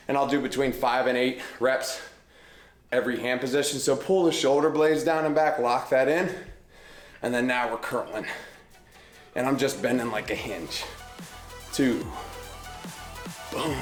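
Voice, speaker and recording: A man, a fitness trainer, coaching a workout in his home gym, counting reps and cueing form as he lifts. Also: medium pitch. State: out of breath. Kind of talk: workout instruction. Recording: roomy echo, music behind.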